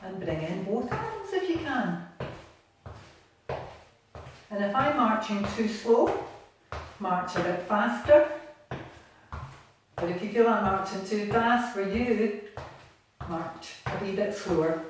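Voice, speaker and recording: A Scottish woman gently leading a home exercise class from her bathroom, encouraging and patient. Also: mid-range voice, expressive, takes it slowly, pauses often. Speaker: exercise instructor. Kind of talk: guided seated exercise class. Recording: echoey room, distant mic, faint noise.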